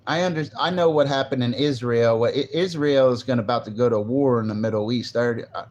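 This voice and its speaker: A man's voice: mid-range voice, fast talker, darkish tone, muffled recording. A man talking casually on a live stream, rambling loosely and answering viewers' comments. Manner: rambling, loose, restarts and reads chat aloud. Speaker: livestreamer.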